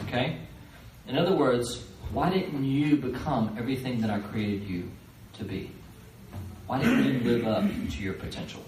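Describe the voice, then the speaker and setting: A man teaching a live seminar, animated, acting out the voices of the people in his stories. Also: mid-range voice, normal speed, slight background noise. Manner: animated, acts out quoted voices. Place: fellowship hall, live. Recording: roomy live recording from far off.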